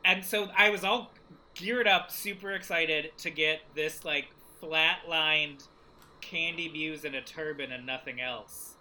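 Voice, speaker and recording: A man as a guest in casual podcast chat, giving opinions in quick animated bursts. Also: a little high, a little hiss or hum.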